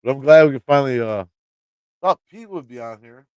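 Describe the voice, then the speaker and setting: A man with a Midwestern American accent talks straight to his live chat, rambling through a story, cursing casually and laughing as he goes. His voice is smooth and clear at a middling pitch, and the recording is dry and close. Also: lively intonation, a little fast, darkish tone, no room sound. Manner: rambling, swears freely, laughs often. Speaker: channel host talking to live chat.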